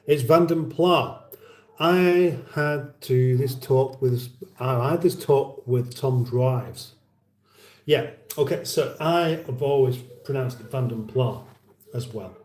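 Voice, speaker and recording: A man's voice: mid-range voice, darkish tone, roomy sound. Chatty man on a livestream. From United Kingdom. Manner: chatty, rambling, reads out viewer comments. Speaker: livestream host. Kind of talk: casual livestream chat.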